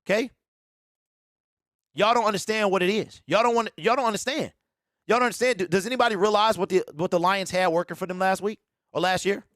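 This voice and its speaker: High-voiced, emphatic sports talker. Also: male voice, a little fast, fairly bright tone, no echo, clean studio sound. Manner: emphatic, repeats lines, mocking quoted voices. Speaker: sports show host. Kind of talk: animated sports talk monologue.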